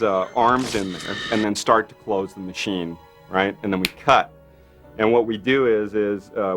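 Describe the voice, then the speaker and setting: Animated man telling a production story. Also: fairly low pitch. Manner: animated storyteller, acts out quotes with many fillers. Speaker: makeup effects artist. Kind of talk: anecdotal interview. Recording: light music underneath.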